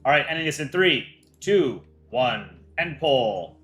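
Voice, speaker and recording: A man's voice: mid-range voice, expressive, a little slow, a bit bright. Chatty man hosting a livestream. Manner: chatty, reads out entries and reacts with light jokes. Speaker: livestream host judging fan art. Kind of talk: casual livestream commentary.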